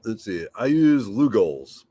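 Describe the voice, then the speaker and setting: A man with a fairly low, mellow voice speaks slowly in a sing-song way. He's hosting a casual livestream from home, reading viewer comments aloud and rambling easily, thinking out loud with fillers.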